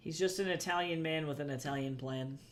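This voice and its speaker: A young man who draws comics livestreams himself, chatting casually, thinking out loud while he works and answering his chat. His voice is fairly high and a little fast.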